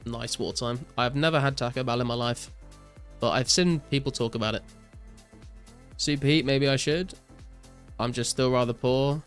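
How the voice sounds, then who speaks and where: A young man streaming a game, reading chat aloud and answering viewers in a relaxed way, full of "like" and "um". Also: medium pitch, normal speed, pauses often, clean tone, faint music behind. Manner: relaxed, reads out chat messages and answers viewers with many fillers. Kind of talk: casual live-stream chat while gaming.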